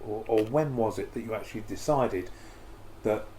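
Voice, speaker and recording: A man hosts a podcast interview, putting measured, curious questions to his guest. His voice is low and mellow. He sits a little back from the mic, with a faint hiss behind him.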